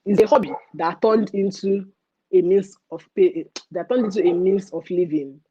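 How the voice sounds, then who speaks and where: A young woman with a Nigerian accent hosting a casual livestream rant, animated and mixing in pidgin phrases. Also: mid-range voice, normal speed, husky, muffled recording. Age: young adult. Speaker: livestream host.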